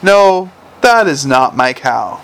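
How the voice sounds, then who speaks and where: Man playing a tired watchman dad reading a baby's picture book, sing-song and raised in pitch, hamming the animal noises. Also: big pitch swings, slow pace, creaky, a bit bright, clean tone, exaggerated voice. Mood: playful. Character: weary city watchman father reading a picture book to his baby.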